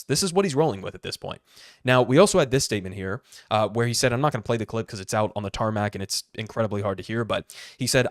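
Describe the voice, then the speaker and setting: A man's voice: medium pitch, lively intonation, fast talker, dry recording, clean studio sound. A man hosting political commentary, talking in a sarcastic, incredulous way.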